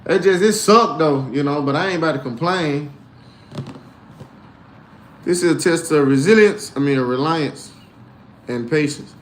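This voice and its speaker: Animated slangy man in an echoey room. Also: measured pace, long pauses, a little hiss or hum. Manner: animated, swinging from low grumbles to loud outbursts; slangy, preachy mix of faith and crypto talk. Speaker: crypto livestream host. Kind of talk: casual livestream chat reading comments.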